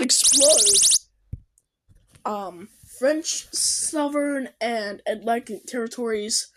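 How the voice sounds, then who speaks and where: High, lively young woman reacting loudly. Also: slow, over music, poor audio. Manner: bursts into shouting and shrieks. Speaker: comedian reacting to videos. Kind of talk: excited video reaction commentary. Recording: loud background noise.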